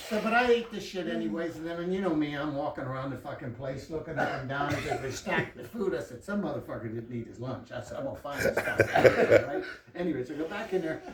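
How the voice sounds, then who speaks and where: Profane, animated man telling a story. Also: medium pitch, roomy sound, recorded from a distance. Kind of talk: casual storytelling.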